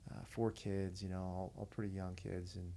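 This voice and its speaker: Veteran podcast guest, man, deep and flat, warm gravel, easygoing storyteller. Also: normal speed, slight background noise. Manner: earnest, conversational, retells dialogue. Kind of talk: casual storytelling.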